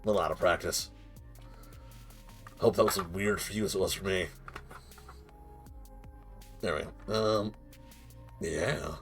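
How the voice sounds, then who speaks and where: A man's voice: low voice, slow, long pauses, soft background music. A man streaming as game master, chatting casually before the session, rambling and self-mocking, joking and swearing freely.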